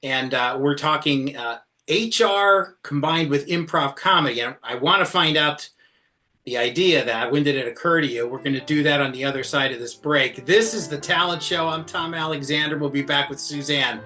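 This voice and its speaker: Bright-voiced male show host. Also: a little high, moderate pace, soft background music. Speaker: podcast host. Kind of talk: casual interview.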